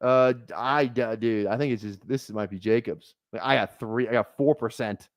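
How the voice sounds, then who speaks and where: A man's voice: medium pitch, moderate pace, dry recording, studio quality. A man giving casual live-stream commentary on his fantasy football draft, rambling and correcting himself as he thinks aloud.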